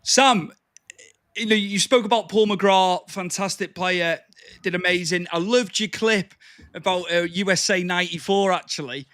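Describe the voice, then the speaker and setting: A man with a high, bright voice hosts a relaxed podcast chat. He chimes in keenly and swaps memories. The sound is close and dry. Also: normal speed, no echo. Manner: chatty, eager to agree and chime in. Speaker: podcast host. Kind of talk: casual chat.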